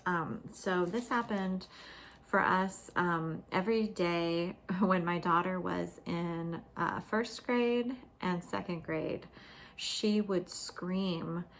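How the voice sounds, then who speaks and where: A woman hosting her own parenting podcast, explaining things in a calm, unhurried casual monologue. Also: on the low side, a little hiss or hum.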